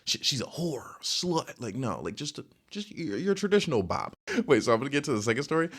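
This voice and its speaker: His own dating life is the subject as a young man hosts a podcast, telling stories casually and animatedly, wandering off track and filling gaps with lots of fillers. The voice is medium-pitched and quick.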